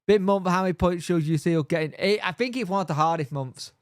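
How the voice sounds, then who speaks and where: Rambling man, slightly high voice. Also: fast, no room sound, clean studio sound. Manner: rambling, thinking aloud with many fillers. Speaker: football fan channel host. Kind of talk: casual live-stream chat.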